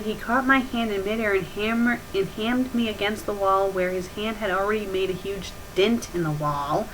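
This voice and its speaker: A woman's voice: medium pitch, lively intonation, a little fast, hardly any pauses, slight background noise, low-quality recording. A woman hosting a comedic review, reading bad fan fiction aloud and mocking it with sarcastic asides.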